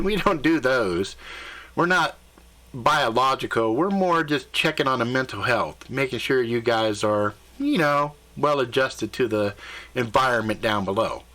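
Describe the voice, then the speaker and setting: A man voicing a casual, reassuring male alien elf guide who explains things quickly and easily. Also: medium pitch, animated, pushed and bright. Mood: easygoing. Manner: casual, easygoing, fast explaining.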